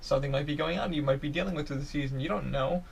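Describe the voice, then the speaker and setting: A young man hosting a podcast, rambling on in a profane, excitable, casual way with lots of restarts. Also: on the high side, racing, gravelly, slight background noise. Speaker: podcast host.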